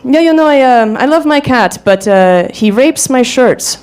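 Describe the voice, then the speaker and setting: A woman comedian voicing a clueless European man on a first date, with a thick European accent, calm and matter-of-fact. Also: very high voice, measured pace. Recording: live show with crowd noise.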